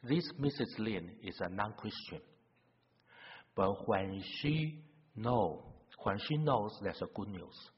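Husky man preaching in a reverberant hall. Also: fairly low pitch, animated. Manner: earnest, unhurried, illustrative storytelling. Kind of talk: sermon. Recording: dull sound with long hall reverb.

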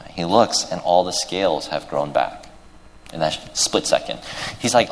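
A man with a deep, low voice preaches a sermon, retelling a story in an earnest, halting way full of fillers and restarts. His voice carries a long reverb through a large hall.

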